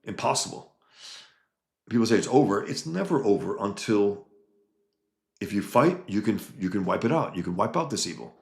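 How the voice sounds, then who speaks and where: A man's voice: fairly low pitch, lively intonation, normal speed, gravelly, long pauses, a little mellow, roomy sound. A man hosting a casual livestream, reading viewer comments and talking in an emphatic, rambling way with frequent restarts. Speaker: livestream host reading chat.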